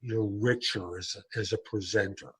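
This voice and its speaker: A man's voice: fairly low pitch, steady tone, moderate pace, a bit bright, husky. A man hosting a career advice interview, cutting in to recap points and ask follow-up questions. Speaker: podcast host, career coach.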